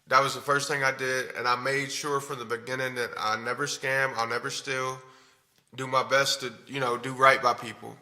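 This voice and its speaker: A man's voice: medium pitch, creaky, pushed and bright. A man streaming to his viewers, telling his story in a candid, rambling, profane way. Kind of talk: casual talk to stream viewers.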